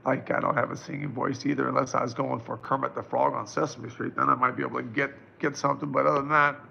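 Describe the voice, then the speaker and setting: A man's voice: medium pitch, level tone, fast talker, creaky, sharp tone, lo-fi sound, a little hiss or hum. A man in his fifties, a psychic answering viewers' questions on a live stream in a casual, reassuring way. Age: 50s. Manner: casual, reassuring, chatty with many fillers.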